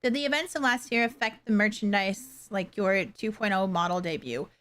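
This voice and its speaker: A young adult woman chatting casually with her livestream viewers, halting and soft-spoken, with many fillers and pauses. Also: mid-range voice. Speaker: streamer.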